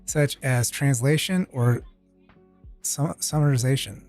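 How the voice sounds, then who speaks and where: A man's voice: mid-range voice, unhurried, a little mellow, faint music behind. A man streaming, reading a technical tutorial aloud and breaking off for casual, profane asides. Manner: reads text aloud with casual asides and swearing.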